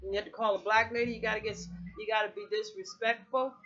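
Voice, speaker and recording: A woman's voice: mid-range voice, steady tone, fast talker, fairly bright tone. Woman, middle-aged, casual heated rant, swears constantly, rambles, muffled lo-fi recording. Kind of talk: casual political rant to camera.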